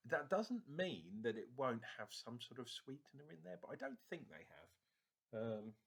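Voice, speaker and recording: A man's voice: mid-range voice, very animated, normal speed, creaky, fairly bright tone, slightly rough. A man with a northern English accent, rambling casually through a beer review vlog and swearing now and then.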